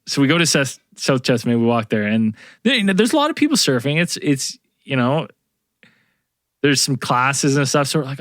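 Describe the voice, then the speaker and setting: A man's voice: medium pitch, brisk, dry recording. Man, middle-aged, podcast host, casual storytelling, rambling with fillers, dry close sound. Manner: rambling, animated, lots of fillers and restarts. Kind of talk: casual storytelling among co-hosts.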